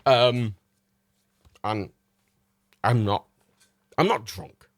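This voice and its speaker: Tipsy man, lively rambling chat. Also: medium pitch, extremely slow, no echo, studio quality. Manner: rambling, laughs often, swears freely. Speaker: livestream host. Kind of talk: casual chat.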